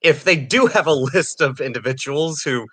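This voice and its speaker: A man co-hosting a casual banter podcast, his voice bright and forceful. He picks apart news items with dry sarcasm and often chuckles between his points. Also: a little high, normal speed. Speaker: podcast co-host.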